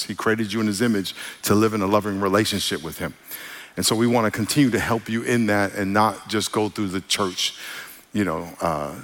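A man's voice: lowish voice, fairly bright tone. Folksy pastor man preaching casually. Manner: folksy, loose and talkative, with frequent restarts and calls for amen. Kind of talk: conversational sermon.

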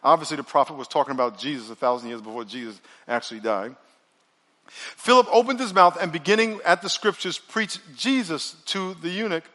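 High bright guy preaching, long church-hall echo, lots of jokes and get-everyone-to-say-it bits. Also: brisk. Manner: energetic, joking, leads call-and-response. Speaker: pastor. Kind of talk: sermon. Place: large church auditorium.

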